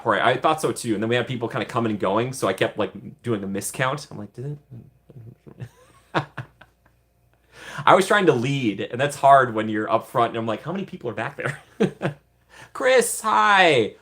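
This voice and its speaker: A man's voice: mid-range voice, fairly bright tone. A young American man hosting a casual livestream, chatting upbeat with viewers, laughing often and rambling with fillers. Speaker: livestream host.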